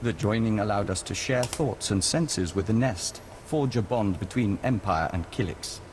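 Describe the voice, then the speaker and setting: A calm, formal diplomat from a video game who has joined an insect hive and always speaks as "we", voiced by a man. The voice sits fairly low and unhurried. A faint hiss runs under the game audio. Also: lightly acted. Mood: measured. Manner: formal, measured, speaks of himself as "we". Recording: game audio with background noise.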